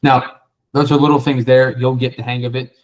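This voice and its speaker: A man's voice: medium pitch, flat delivery, fairly quick, low-quality recording. A man coaching a trainee on cold calls, blunt and profane, acting out the lines of callers and sellers. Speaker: sales coach. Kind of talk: coaching feedback after a sales role play.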